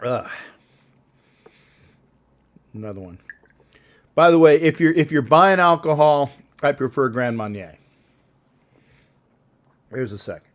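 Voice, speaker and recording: A man's voice: a little high, animated, slow pace, pauses often. An older man hosting a sports show, rambling and joking with callers in a casual live-stream chat.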